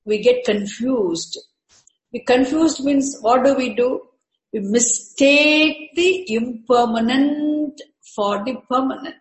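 Woman, spiritual teacher, repeats each term, echoey room. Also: sits high. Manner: repeats terms slowly, breaks Sanskrit words into parts. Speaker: teacher of Sanskrit scripture. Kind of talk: slow, repetitive spiritual lecture.

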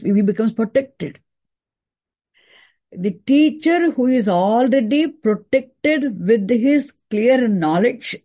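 A woman teaching a scripture class, explaining terms deliberately and repeating key words for emphasis. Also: a little high, warm tone.

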